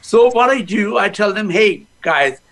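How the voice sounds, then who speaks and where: High, lively laughter-yoga man on a phone. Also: a little slow, low-quality recording. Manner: bursts into laughter and chants. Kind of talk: energetic guest talk on a call. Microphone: phone on a video call.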